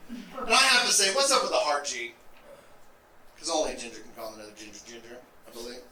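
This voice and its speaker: A man doing a stand-up comedy set on stage, delivering deadpan setups with wry asides. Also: mid-range voice, quick pace. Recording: roomy, distant live club recording with noise.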